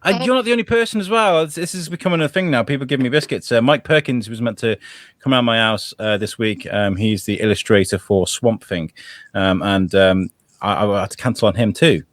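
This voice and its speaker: A man's voice: fairly low pitch, a little fast, dry recording. A man hosting a podcast in a chatty, rambling way, laughing often. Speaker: podcast host. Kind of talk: casual chat.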